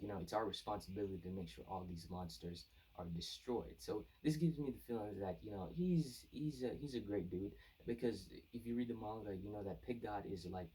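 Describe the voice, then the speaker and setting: A man's voice: fairly low pitch, warm tone, husky. A man giving a casual, rambling manga chapter review, full of fillers and restarts. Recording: voice distant from the mic.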